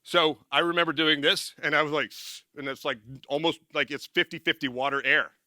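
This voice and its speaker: Guy giving a loose pep talk to a crowd, super bright punchy voice, close and dry, keeps tripping over his words. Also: a little high, brisk, dry recording. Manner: energetic, rambling, self-correcting, laughs at himself. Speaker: former military speaker and success coach. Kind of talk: casual motivational talk to an audience.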